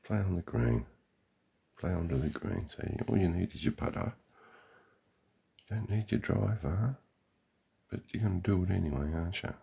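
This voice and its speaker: Gravelly, deep-voiced Australian man mocking golfers. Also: expressive, normal speed, pauses often, dark tone. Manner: sarcastic, mocking, profane. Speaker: vlogger. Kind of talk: live running commentary. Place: outdoors beside a golf green.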